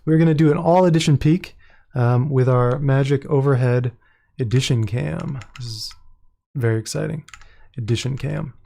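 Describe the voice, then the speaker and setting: A man's voice: mid-range voice, moderate pace, creaky, dark tone. A man who runs his own publishing company, chatting casually and with amusement as he hosts a livestream. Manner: chatty, self-amused, thinks aloud. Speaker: independent publisher and host. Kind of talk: casual livestream product launch.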